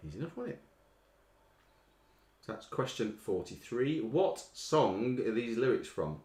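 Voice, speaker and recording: A man hosting a live online quiz from home, playfully reading song lyrics in a slow, dramatic sing-song. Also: mid-range voice, big pitch swings, a little mellow. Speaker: quiz host. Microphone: desk microphone. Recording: echoey room.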